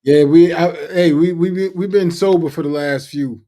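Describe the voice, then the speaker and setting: A man's voice: on the high side, fairly even intonation, normal speed, mellow. A man in casual podcast banter, laid-back and easygoing.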